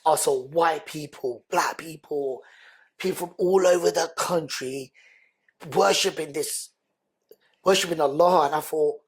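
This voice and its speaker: A man, a guest on a podcast, telling his life story in an earnest, animated, conversational way. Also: fairly high pitch, measured pace, husky. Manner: animated, earnest, acts out quoted speech loudly.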